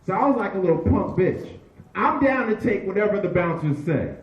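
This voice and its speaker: A man emceeing a comedy tribute show, loud and profane, hyping the crowd between stories. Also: sits high, very animated, fairly quick, distant mic, lo-fi sound. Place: comedy bar stage with audience. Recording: echoey room, mic from afar, crowd.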